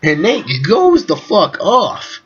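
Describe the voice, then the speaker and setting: A man hosting a casual podcast, telling a story in a profane, animated way over an internet call. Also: high voice, slow pace, breathy edge, lo-fi sound. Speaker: podcast host. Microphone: Skype call recording.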